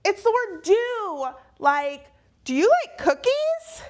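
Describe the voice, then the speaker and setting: Woman teacher doing a phonics lesson for kids, high voice, slow and super clear, cheery. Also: very animated.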